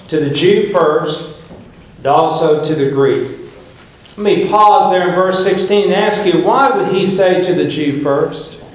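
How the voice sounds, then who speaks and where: Slow-talking male preacher in echoey church. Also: high voice. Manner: emphatic, storytelling preacher who paints scenes. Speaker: pastor. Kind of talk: sermon.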